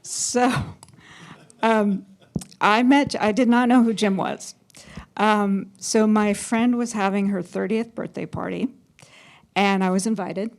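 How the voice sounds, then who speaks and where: A woman's voice: mid-range voice, fairly even intonation, slow pace, vocal fry. A woman photographer telling stories as a panel guest, chatty, laughing often and acting out quotes. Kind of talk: storytelling on a panel.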